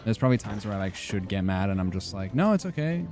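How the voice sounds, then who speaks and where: Low mellow-voiced young streamer. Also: male voice, little pitch movement, fast, faint music behind. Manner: rambling, filler-heavy, self-deprecating. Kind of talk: casual gaming stream chat.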